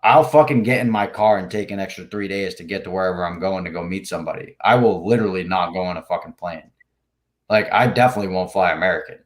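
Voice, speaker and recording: A man's voice: deep voice, fast talker. A man, a podcast guest, telling a rambling story in casual talk, full of swearing and "like" fillers. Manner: rambling, heavy swearing, many "like" fillers, acts out quotes.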